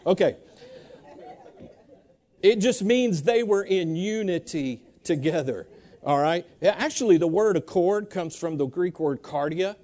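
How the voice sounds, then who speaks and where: Male preacher, high mellow voice, lively sermon with call-and-response. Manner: animated, drawls Bible verses slowly.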